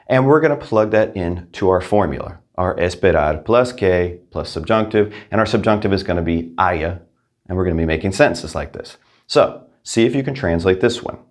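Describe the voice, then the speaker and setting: Male language teacher, deep voice, upbeat, clear repetition drills. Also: animated, normal speed. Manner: upbeat, repeats each practice sentence twice. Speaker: Spanish teacher. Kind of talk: language lesson.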